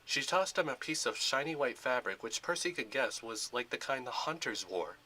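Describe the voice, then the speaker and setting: A man's voice: medium pitch, moderate pace, pushed and bright. A man narrating a Lego fan film in a plain storytelling manner.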